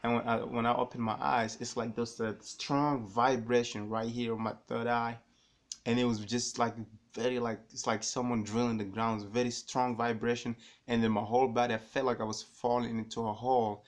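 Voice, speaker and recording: A man talks straight to his viewers in a loose, rambling way, circling back and repeating words as he goes. His voice sits at an ordinary middle pitch, and he gets animated when the story builds. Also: normal speed. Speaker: vlogger. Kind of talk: casual storytelling to camera.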